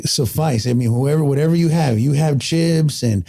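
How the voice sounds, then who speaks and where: A middle-aged man with a slightly high, mellow voice and some vocal fry talks at a normal speed. He is a podcast guest recounting reflective stories in a heartfelt, earnest way during casual conversation, repeatedly stopping and restarting.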